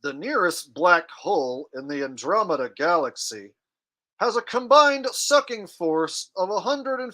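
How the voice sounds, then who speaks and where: A robotic speech-synthesizer voice recites in an even, mechanical monotone, as a man mimics it. It sits a little higher than a plain speaking voice. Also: exaggerated voice. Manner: monotone, mock-computerized delivery. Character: flat, robotic speech-synthesizer voice of a famous scientist.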